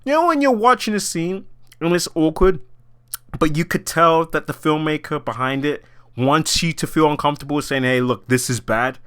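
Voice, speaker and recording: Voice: medium pitch, moderate pace, fairly bright tone, clear, resonant tone. A vlogger giving a casual spoken rant about a film they just watched, exasperated, swearing often and laughing in disbelief. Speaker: movie reaction vlogger.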